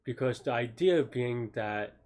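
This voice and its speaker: Tired man thinking aloud, halting. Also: medium pitch, darkish tone. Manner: halting, self-questioning, many restarts and trailing off. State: tired, yawning. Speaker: programmer solving a coding problem live. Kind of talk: thinking aloud while problem solving.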